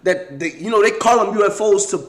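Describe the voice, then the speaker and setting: A man with a slightly raised voice leads a casual scripture study. He speaks bluntly and coarsely between verses. When he reads the verses aloud, he slows right down. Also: sits high, lively intonation. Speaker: scripture teacher.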